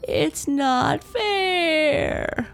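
Woman putting on a high squealing little girl. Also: lively intonation, extremely slow, creaky, soft background music, heavily acted. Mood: wailing. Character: excitable little girl, sleepy and easily upset.

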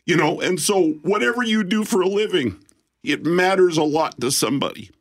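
A middle-aged radio host, speaking in a heartfelt, emotional way. His voice sits a little high for a man, and he talks in a relaxed, casual on-air style from a studio. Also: moderate pace.

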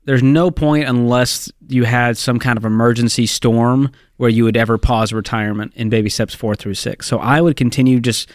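A man's voice: medium pitch, fairly even intonation, normal speed, hardly any pauses, no echo, clean studio sound. A man co-hosting a call-in advice show, giving blunt, matter-of-fact answers. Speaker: radio show co-host.

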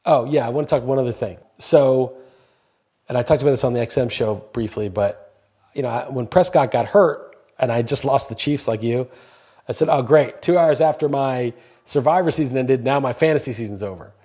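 A man's voice: mid-range voice, a little fast, dark tone, slightly rough. A man co-hosting a podcast, talking emphatically in casual chat and swearing freely when he gets going. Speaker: podcast co-host.

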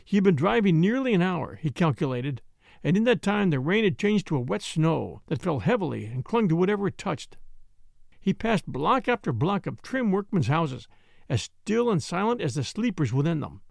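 A male narrator reads an old story as an audiobook in a high, widely varying voice, his measured and expressive delivery carrying a gravelly edge. The recording is dry and close.

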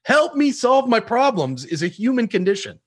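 A man, a sales trainer, answering podcast interview questions in an animated storytelling way, acting out phone calls and laughing often. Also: very high-pitched, normal speed.

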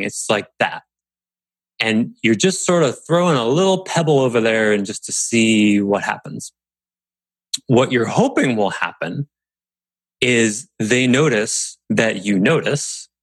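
A man giving a casual instructional talk as a business coach, explaining in a relaxed, conversational way and acting out little bits of quoted dialogue. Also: lowish voice, measured pace, no room sound.

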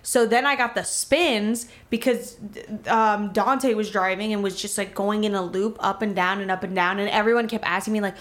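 A woman's voice: mid-range voice, steady tone, moderate pace, hardly any pauses, fairly bright tone. A young woman from Miami telling a story in casual chat, rambling, swearing freely and filling her talk with "like".

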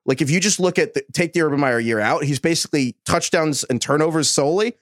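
A man co-hosting a podcast, chatting casually and rambling with quick asides. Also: on the high side, dry recording, clean studio sound. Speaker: podcast co-host. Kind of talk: casual sports chat.

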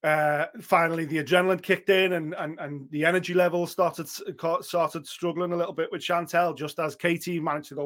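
A man's voice: fairly high pitch, flat delivery, a little fast, hardly any pauses, fairly bright tone. A man giving blunt, opinionated boxing talk on a podcast, swearing freely and acting out what others might say. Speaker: boxing pundit.

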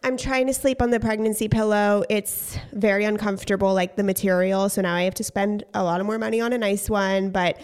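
A woman's voice: mid-range voice, fairly even intonation, a little fast, few pauses, a little mellow, clear, resonant tone. A young woman co-hosting a podcast while pregnant, talking in a candid, casual way. She gets a little out of breath as she goes and drops the odd swear word. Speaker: podcast co-host.

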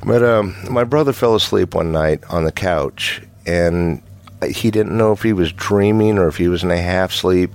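A middle-aged man telling his own paranormal story in a casual, halting way, with restarts and nervous chuckles. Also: low voice. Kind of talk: casual first-person storytelling.

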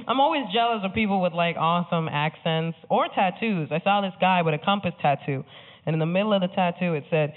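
A woman's voice: lowish voice, expressive, a little fast, phone-quality sound, noisy background. A woman comedian from the Bronx doing a brash, sassy stand-up set, laughing through her punchlines. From Bronx, New York.

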